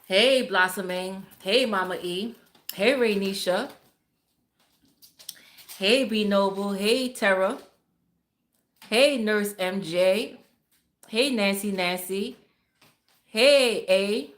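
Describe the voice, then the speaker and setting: A woman's voice: medium pitch, slow pace, pauses often. A woman hosting a casual livestream, greeting viewers by name, chatty and profane, laughing often. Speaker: livestream host. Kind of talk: casual live-stream chat.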